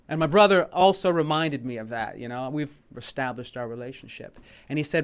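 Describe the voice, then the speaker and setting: A man's voice: mid-range voice, brisk, few pauses, clean tone. A man from the United States telling a personal story at a live showcase, rambling and repeating himself in a heartfelt way, with bits of song. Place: small venue in Paris.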